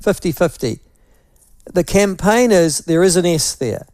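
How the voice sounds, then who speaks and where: Wry New Zealand talk radio host. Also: male voice, a little high, moderate pace, gravelly, darkish tone, no echo, studio quality. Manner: wry, mocking, repeats phrases to tease them apart. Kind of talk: talkback radio chat.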